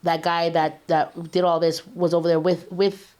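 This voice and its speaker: Woman guest, low-pitched voice, casual streetwise storyteller, lots of slang. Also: little pitch movement, normal speed, a little mellow. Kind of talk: telling a personal story in an interview.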